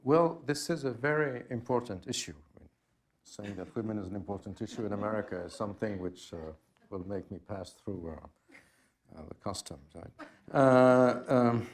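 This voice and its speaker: A man in his sixties with a French accent answers questions at a public talk. His voice sits low, and he pauses often, restarting sentences and dropping in dry, wry asides. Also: slight background noise. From France. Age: 60s. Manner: halting, many fillers and restarts, wry asides. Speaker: guest speaker, expert on jihadism.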